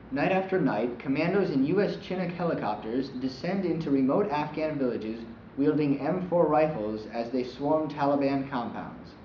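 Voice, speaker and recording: A man anchoring an amateur mock newscast, reading his script in a steady manner. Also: mid-range voice, slight background noise. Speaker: news anchor. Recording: echoey dull amateur recording.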